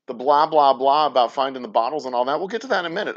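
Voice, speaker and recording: A man's voice: medium pitch, lively intonation, quick pace, few pauses, highs cut off. A man hosting a distillery livestream, rambling casually, cursing and stumbling over his words. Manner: rambling, profane, stumbles and restarts often. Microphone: plugged-in mic at the desk.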